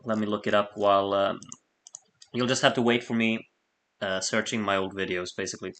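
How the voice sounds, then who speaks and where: A man's voice: on the low side, fairly even intonation, fairly quick, a bit bright. A man hosting a late-night live stream, chatting casually, reading viewer messages aloud and laughing often as he rambles.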